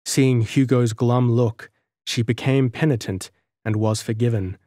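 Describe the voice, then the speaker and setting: A mid-range male voice reads an audiobook as scripted narration, keeping a measured, even storytelling tone. It's recorded at studio quality without echo.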